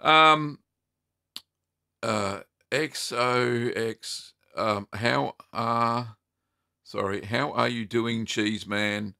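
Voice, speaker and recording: A man's voice: medium pitch, extremely slow, vocal fry, bright, forceful tone, clean tone, no room sound, studio quality. A middle-aged man, hosting a casual live Q&A and reading chat questions aloud in an upbeat, chatty way with lots of ums and easy laughs. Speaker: cheese-making livestream host.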